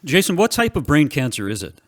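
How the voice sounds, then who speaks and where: A man's voice: fairly high pitch, big pitch swings. A man hosting a radio show, asking a guest long, careful questions. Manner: measured, asks long researched questions with fillers. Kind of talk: interview questions.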